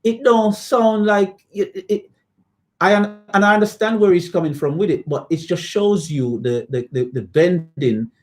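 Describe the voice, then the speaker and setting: A man in a casual podcast discussion, animated and stammering at times, slipping into patois to make a point. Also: sits high, a little slow.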